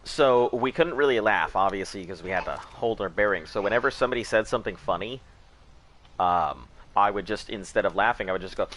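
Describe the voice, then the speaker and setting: A man's voice: fairly low pitch, brisk, a bit bright. A man hosting a game live stream, chatting casually and rambling, laughing at his own jokes. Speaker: gaming live-stream host.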